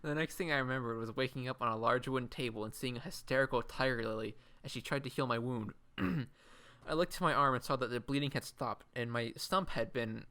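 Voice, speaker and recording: A man's voice: medium pitch, brisk, sharp tone, clear, resonant tone. A man reading fan fiction aloud and breaking off to mock it, laughing often. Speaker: co-host reading a story aloud.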